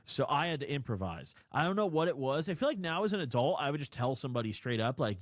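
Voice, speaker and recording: A man in his twenties hosting a call-in stream, telling a crude story in a rambling, animated way. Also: a little high, fairly quick, hardly any pauses, no room sound, clean studio sound. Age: 20s. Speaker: call-in show host. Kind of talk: casual storytelling.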